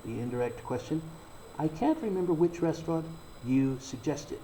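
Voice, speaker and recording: A man giving a recorded English grammar lesson, explaining slowly and deliberately and reading out example sentences. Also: a little high, animated, warm tone, slight background noise, low-quality recording. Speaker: English teacher.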